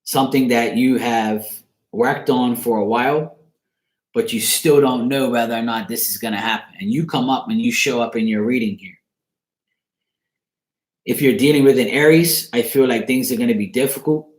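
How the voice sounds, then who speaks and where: A man's voice: mid-range voice, moderate pace, echoey room. A man giving a casual tarot reading on a livestream, rambling loosely, swearing now and then and breaking off to greet viewers. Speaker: tarot reader.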